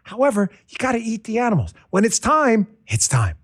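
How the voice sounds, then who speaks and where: A middle-aged man from New York runs his podcast in a loose, joking ramble. His voice sits high and swings widely as he drifts from one aside to the next. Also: huge pitch swings, brisk. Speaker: podcast host. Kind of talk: casual political podcast talk.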